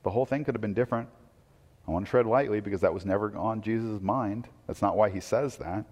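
A man's voice: fairly low pitch, fast, a little mellow, long reverb tail. A man preaching a conversational sermon, asking rhetorical questions and quoting scripture. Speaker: pastor.

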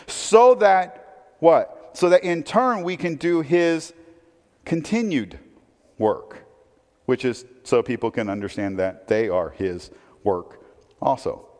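A man's voice: mid-range voice, slow pace, darkish tone, big-room sound. A man preaching a sermon in a conversational way, asking his listeners rhetorical questions. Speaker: pastor.

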